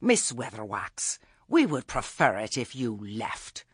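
A man's voice: medium pitch, very animated, takes it slowly, husky, no echo, clean studio sound, exaggerated voice. A man voicing a prim, bossy woman on a village committee, accusing and officious. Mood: stern, accusing.

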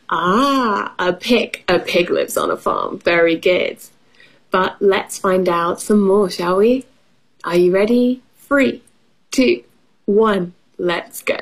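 Female children's English teacher reading a picture book; slightly breathy, unhurried, lively questions. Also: mid-range voice. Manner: lively teacherly, asks children questions, puts on animal voices.

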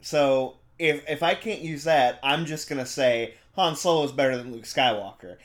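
A man's voice: mid-range voice, moderate pace. A man in a casual chat, laid-back and arguing for his picks. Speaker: podcast co-host.

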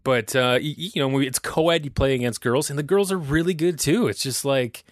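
A man's voice: medium pitch, moderate pace, no echo. Thirtysomething dude ranting on his podcast, swears a lot, dry close sound. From Canada. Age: 30s. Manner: profane, rambling, self-deprecating. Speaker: podcast host. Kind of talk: casual solo podcast rant.

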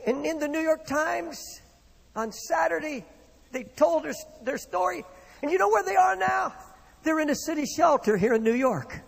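A man's voice: extremely high pitch, expressive, moderate pace, gravelly. A man preaching a sermon with impassioned, rising and falling delivery, in a church hall. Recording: long reverb of a hall.

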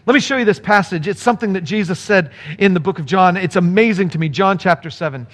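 A male pastor preaching a sermon to his congregation, earnest and animated, speeding up in bursts and slowing down for emphasis. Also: high-pitched. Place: speaking to a remote congregation.

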